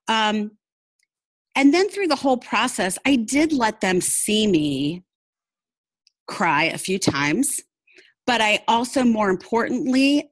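A woman's voice: mid-range voice, dry recording. A woman talking openly and earnestly as an interview guest, often laughing as she tells her story. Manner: open and heartfelt. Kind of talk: candid personal interview.

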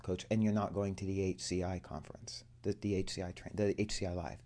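A man's voice: sits low, fast talker, few pauses, dark tone. Earnest man telling a personal story. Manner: earnest storyteller who animates quoted dialogue. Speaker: coaching student. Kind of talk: personal story told to a group.

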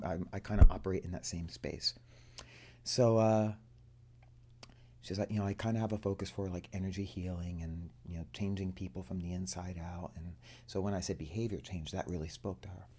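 A man with a low, mellow voice tells a personal story to a group. He talks earnestly and animates the lines he quotes from others. The tone stays relaxed and unforced. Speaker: coaching student.

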